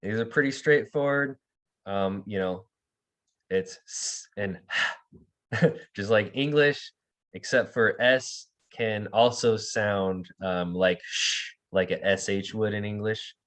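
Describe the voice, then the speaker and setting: A man leads an online language class, calling on students and repeating words for them. His voice sits very low and he speaks slowly, with plenty of hesitant fillers. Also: a bit bright. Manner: hesitant, many fillers and restarts. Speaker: language teacher.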